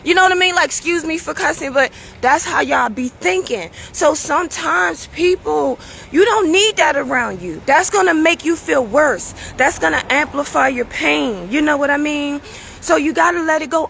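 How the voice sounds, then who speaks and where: High, gravelly woman with a strained voice. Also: normal speed, fairly bright tone, slight background noise. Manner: preachy, casual, keeps asking "you understand?". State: strained, tired voice. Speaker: show host. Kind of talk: motivational talk to viewers.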